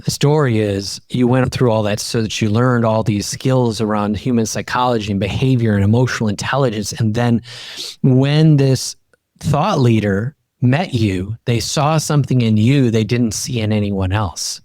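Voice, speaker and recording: A middle-aged man, a podcast guest and coach, telling personal stories in an emphatic, animated way that climbs high in pitch when he gets fired up. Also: moderate pace, no echo, clean studio sound. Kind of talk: animated personal storytelling in conversation.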